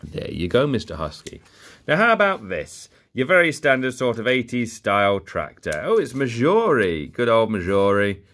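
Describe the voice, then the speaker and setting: A young toy-collector vlogger rambles jokily through a bag of old toy cars, muttering asides as he unboxes casually. His medium-pitched voice swoops wildly in pitch, at a normal speed and with a fairly bright tone.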